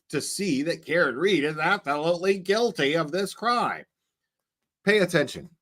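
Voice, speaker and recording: A man's voice: on the high side, big pitch swings, a bit bright. Sarcastic man hosting a reaction video. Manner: mocking, drawn-out sarcastic delivery.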